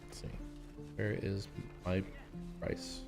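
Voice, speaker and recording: A man's voice: slow pace, music in the background. An American man streaming a game, chatting casually in a laid-back, slangy way. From United States. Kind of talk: casual gameplay commentary.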